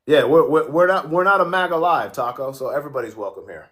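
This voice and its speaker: A man hosts a casual livestream, joking around, swearing freely and responding to viewers' comments as they pop up. His voice is a little high and a bit bright, and he talks fast.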